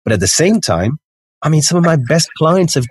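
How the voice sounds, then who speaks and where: A man's voice: fairly high pitch, big pitch swings, normal speed, husky, no echo. A man who works as a voiceover artist, speaking with a neutral, international English accent, chatting candidly with many restarts. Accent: international English, mixed. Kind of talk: casual panel talk.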